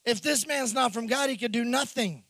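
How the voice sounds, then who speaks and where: A man preaching a sermon in an animated way, acting out the characters' lines in the story. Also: extremely high pitch, moderate pace, gravelly, no echo. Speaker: pastor.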